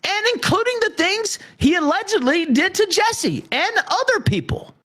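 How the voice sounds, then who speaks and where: A man's voice: extremely high pitch, very animated, normal speed, fairly bright tone. A man in a heated podcast argument, aggrieved and profane as he airs his complaints. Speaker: podcast guest.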